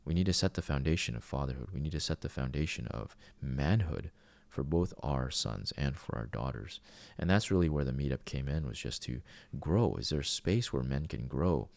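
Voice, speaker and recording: A man in his thirties with a very deep voice and a rough, gravelly edge, recorded close and dry. He talks earnestly in a loose monologue and often stops to restart his sentences. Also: lively intonation, normal speed, darkish tone, dry recording. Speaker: podcast host. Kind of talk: casual spoken monologue.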